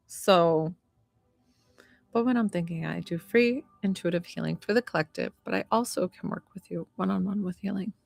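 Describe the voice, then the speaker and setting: A woman's voice: on the low side, normal speed, creaky, dry recording, clean studio sound. A woman talking casually to viewers on a live stream as a psychic medium and healer, chatty and rambling with lots of fillers. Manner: chatty, warm-hearted, rambling with many fillers.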